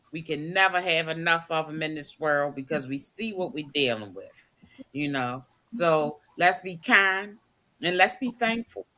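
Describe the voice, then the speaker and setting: Slow, bright-voiced woman panelist. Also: lowish voice. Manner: earnest, measured appeal to the listeners. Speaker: podcast panelist. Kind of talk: live podcast commentary.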